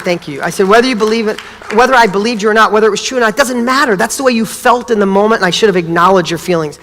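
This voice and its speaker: Animated storytelling man, bright voice. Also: sits high, long reverb tail. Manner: animated storytelling, acts out dialogue. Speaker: speaker. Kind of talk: motivational talk.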